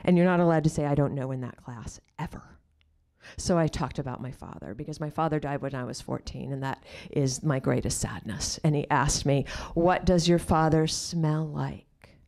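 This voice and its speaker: Low-voiced woman telling a personal story. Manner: drops to hushed, near-whispered asides; slows right down on quoted questions. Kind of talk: personal storytelling before an audience. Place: live storytelling stage.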